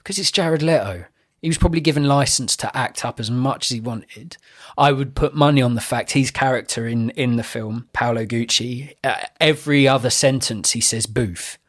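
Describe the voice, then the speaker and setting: Husky male co-host, opinionated, mid-pitched, casual swearing film chat. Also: normal speed, fairly bright tone. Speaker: podcast co-host.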